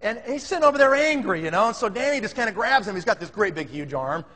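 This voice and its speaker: A man telling a comic story in an animated way, acting out the other people's voices. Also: high voice, quick pace. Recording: long reverb in a hall.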